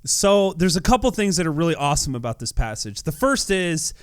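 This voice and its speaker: A man giving casual devotional commentary over a gameplay video as a YouTuber, earnest and animated, often repeating words as he talks. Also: fairly high pitch, fairly quick, clean tone, no room sound, clean studio sound.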